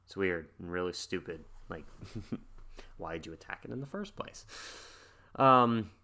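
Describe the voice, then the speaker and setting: Low gravelly man musing casually. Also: lively intonation, a little slow, bright, forceful tone, a little hiss or hum. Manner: rambling, thinking aloud with many fillers. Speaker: music reaction channel host. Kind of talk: casual reaction commentary.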